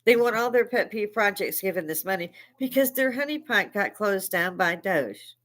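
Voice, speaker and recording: An older woman hosting a live stream, delivering a heated, profane political rant that keeps rising into shouting. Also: mid-range voice, expressive, normal speed. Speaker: livestream host. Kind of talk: veteran speaking.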